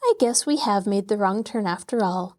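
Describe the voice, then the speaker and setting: A woman voicing a scared young girl who is trying to sound firm and calm. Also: medium pitch, moderate pace, natural voice.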